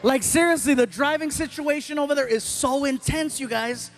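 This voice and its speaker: Male stand-up comedian, high voice, animated, loud bursts, faint music. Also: normal speed, a faint crowd.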